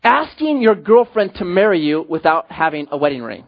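Pastor guy preaching, high lively voice, jokey storytelling, kinda muffled recording. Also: fast talker, hardly any pauses. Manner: animated storytelling with jokes and acted-out quotes. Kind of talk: sermon.

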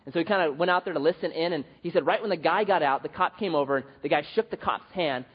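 A man preaching a sermon as pastor, telling a story with lively acted quotes. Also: fairly high pitch, very fast, hardly any pauses, slightly rough, muffled recording.

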